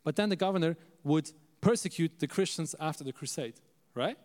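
A male preacher telling a story in an animated sermon, calling out to the audience for amens. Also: a little high, fairly quick. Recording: echoey hall.

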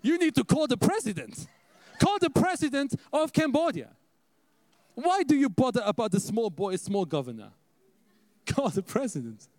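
A man voicing a jovial older male reverend with a Ghanaian accent, speaking in a booming, fatherly way. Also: sing-song, normal speed, a little mellow. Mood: laughing. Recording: echoey hall.

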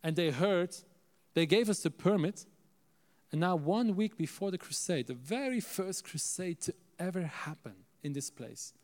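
A male preacher telling a story in an animated sermon, calling out to the audience for amens. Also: a little high, normal speed. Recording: echoey hall.

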